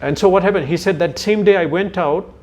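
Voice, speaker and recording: A man's voice: high voice, brisk, a little mellow. A man giving a scripture lecture to a youth group in a chatty storytelling way, turning to his listeners with asides. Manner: searches for words mid-sentence. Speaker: spiritual lecturer.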